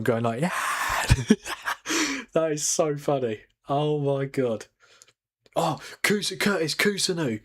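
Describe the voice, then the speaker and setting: A man's voice: medium pitch, no room sound. Guy doing a late night footy watchalong at home, hyped, swears a lot, dry close mic. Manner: excitable, swearing, laughing, talking to a co-viewer. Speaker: watchalong host. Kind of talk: live football watchalong commentary. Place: home at night, keeping quiet.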